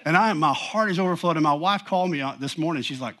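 A man's voice: on the high side, quick pace, fairly bright tone. A middle-aged man preaching a sermon in a church, talking in a casual, emphatic way and often saying "you know.". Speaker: pastor.

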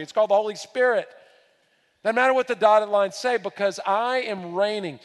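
A male pastor preaching a sermon with a high-pitched voice that carries a long reverb through a large church hall. He hammers home repeated phrases, dropping to a hush and then rising loud again. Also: moderate pace. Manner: emphatic preaching, repeats key phrases, swings from hushed to loud.

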